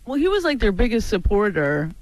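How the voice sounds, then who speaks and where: A woman's voice: medium pitch, sing-song, brisk, dry recording. A woman comedian chatting as a studio guest, laughing often and joking at her own expense. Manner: self-deprecating, laughing often. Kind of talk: casual chat.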